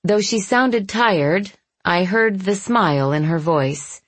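A woman narrating a first-person story in a soft, intimate, measured way. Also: mid-range voice, dry recording. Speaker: audiobook narrator.

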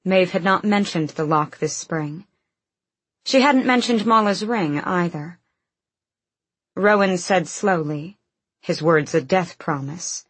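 A woman reading a fantasy novel aloud in an even, measured narration. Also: fairly low pitch, slightly rough, no echo. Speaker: audiobook narrator.

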